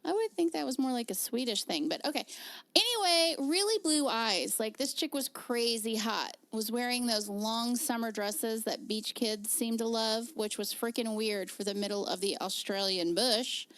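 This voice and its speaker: A chatty, giggly woman reads a listener's story aloud on a podcast, breaking off for quick jokes. Her voice sits a little high. The sound is dry and close. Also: a bit bright, no room sound. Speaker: podcast co-host. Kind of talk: casual podcast story reading.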